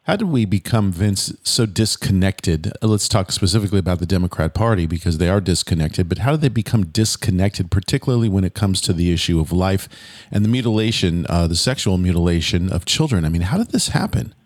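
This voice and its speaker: A lower-pitched male host speaks in a dry, close recording with no room echo. He introduces his guest with upbeat emphasis and then poses pointed questions. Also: lively intonation, brisk. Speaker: podcast host.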